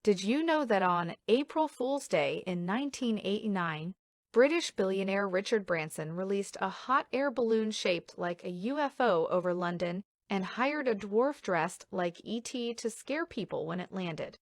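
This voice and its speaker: A woman's voice: medium pitch, animated, a little slow, no room sound. A woman narrating a trivia fact in a matter-of-fact way.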